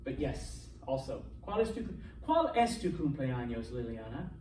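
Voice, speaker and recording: A man teaching a classroom Spanish lesson, animated and constantly checking in with his students. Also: medium pitch, normal speed, a little hiss or hum. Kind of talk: classroom lecture. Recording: echoey classroom from far off.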